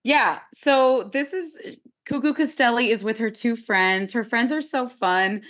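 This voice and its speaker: A woman's voice: fairly high pitch, measured pace, fairly bright tone. A woman guest on a podcast, talking earnestly and reflectively in a casual way, with frequent "like" fillers.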